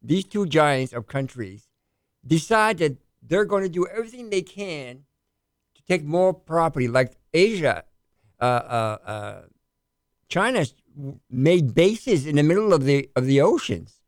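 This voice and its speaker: A man co-hosting a talk radio show, talking in a halting way and repeating words as he starts. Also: on the high side, big pitch swings, no room sound, studio quality. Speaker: radio co-host, news desk. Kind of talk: casual talk radio banter. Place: radio studio.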